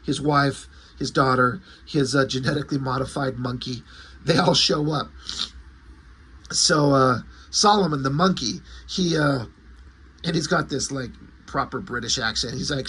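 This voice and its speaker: A man casually reviewing a comic, excited and rambling as he retells the story. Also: mid-range voice, a little slow, slightly rough.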